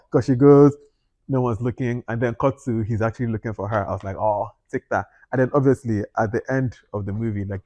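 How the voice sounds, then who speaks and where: Guy chatting thru a movie review, animated, gasps at his own reactions, dry close sound. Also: fairly low pitch, dry recording. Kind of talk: casual spoken film review.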